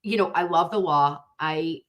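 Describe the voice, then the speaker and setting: A woman's voice: deep voice, moderate pace, a bit bright. A woman nurse hosting a casual livestream, reacting to viewer comments in a blunt, fiery and profane way, openly passionate and outraged.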